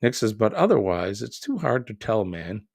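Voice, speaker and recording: Middle-aged male host, low and gravelly, chatty and joking, reads viewer comments, dry close sound. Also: big pitch swings, normal speed, a little mellow, no echo. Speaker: live stream host reading viewer comments. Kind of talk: casual live chat.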